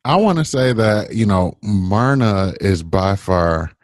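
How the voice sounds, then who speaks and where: A man, a guest on a live video chat, talking casually in slangy, expressive speech and acting out quoted lines. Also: lowish voice, slow, no echo, clean studio sound. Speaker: guest runner.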